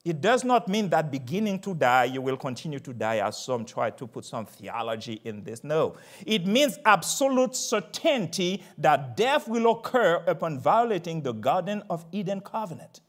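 An older man preaching a sermon emphatically, moving from quiet asides to loud proclamations. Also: a little high, animated, normal speed, few pauses.

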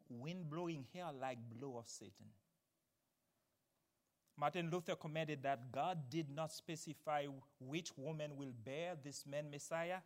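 A man preaching a sermon, swinging from loud, emphatic declarations to quiet, explanatory teaching. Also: on the high side.

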